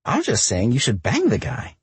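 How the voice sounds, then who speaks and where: A man's voice: medium pitch, wildly swooping pitch, normal speed, gravelly, slightly rough, no echo, pitched above the performer's own voice, exaggerated voice. A man voicing a bold, blunt young woman roommate who teases her friend, in a romance audiobook. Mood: teasing. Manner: brash, blunt, playful.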